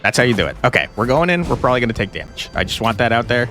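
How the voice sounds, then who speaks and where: A man doing let's-play commentary on a martial arts game, barking quick moves and mock-insulting his own character. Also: medium pitch, very animated. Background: game music.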